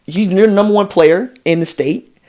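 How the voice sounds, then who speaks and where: A man in a casual sports podcast chat, telling recruiting stories with animated energy and slipping into quoted voices. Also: high voice, normal speed. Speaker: college football recruiting analyst.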